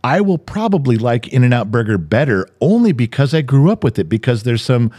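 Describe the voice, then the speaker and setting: A man's voice: medium pitch, very animated, brisk, mellow, breathy edge. An older man co-hosting a podcast in casual chat, ranting and swearing freely. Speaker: podcast co-host.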